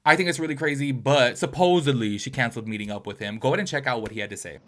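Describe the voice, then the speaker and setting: Guy doing gossip commentary, talks super fast, bright punchy voice. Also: medium pitch. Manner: animated, chatty, rapid-fire opinions. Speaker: commentary channel host.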